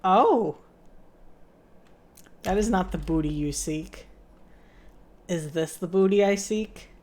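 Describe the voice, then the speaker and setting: A woman's voice: fairly low pitch, slow pace, darkish tone. A young woman streaming a game, chatting casually in a playful, giggly, rambling way and poking fun at herself.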